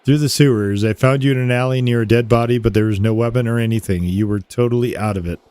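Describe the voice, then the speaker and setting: A man reading a calm, caring friend. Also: mid-range voice, fast, clear, resonant tone, no room sound, close to an everyday voice. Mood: reassuring. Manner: reads the lines in a plain, calm voice. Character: steady, caring male friend. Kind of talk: reading game dialogue aloud.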